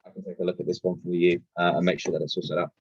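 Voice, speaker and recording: A man's voice: low voice, flat delivery, very fast, husky, no echo, lo-fi sound. A man presenting a live webinar, reading viewer questions aloud and answering them casually with many ums and restarts.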